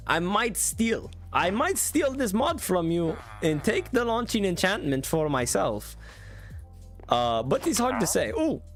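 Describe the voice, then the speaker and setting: A man streaming gameplay commentary, excitable, laughing often and reading out chat. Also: high voice. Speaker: streamer reviewing viewer mods.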